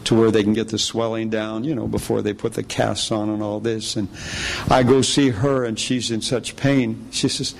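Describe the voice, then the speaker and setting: A man preacher telling a personal testimony in a sermon, animated storytelling that slips into the voices of the people in his story. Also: normal speed, creaky, a little hiss or hum. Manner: storytelling, acts out quoted voices with pitch jumps.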